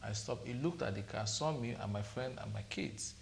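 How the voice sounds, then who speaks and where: Middle-aged Nigerian man, measured storyteller. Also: medium pitch, gravelly, slight background noise. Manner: measured, tells a long anecdote with quoted dialogue. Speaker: studio guest commentator. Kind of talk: TV panel discussion.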